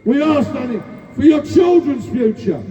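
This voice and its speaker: A man shouting a ranting protest speech, heard distant and echoey through a dull lo-fi recording. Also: very high-pitched, lively intonation, moderate pace. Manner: ranting, shouting, emphatic repetition. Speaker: protest speaker. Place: outdoor street protest.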